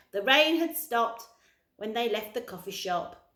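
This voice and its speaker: A woman's voice: a little high, measured pace, a little hiss or hum. A woman who works with young children, reading a chapter book aloud expressively, in a roomy-sounding recording. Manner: expressive storytelling. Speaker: early years practitioner reading a story. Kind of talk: children's audiobook read-aloud. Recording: roomy echo.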